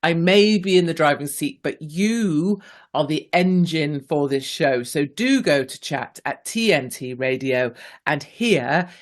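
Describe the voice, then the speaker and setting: A woman's voice: sits low, lively intonation, measured pace. A woman, hosting a radio talk show in a chatty, playful way and reading listener messages aloud. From England. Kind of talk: casual talk radio monologue.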